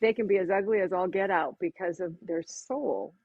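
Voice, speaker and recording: A woman's voice: lowish voice, normal speed, a little mellow, husky, dry recording. A woman, a makeup artist, telling a heartfelt personal story in an interview, lifting her voice when she quotes others. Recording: tinny phone-like line, dry.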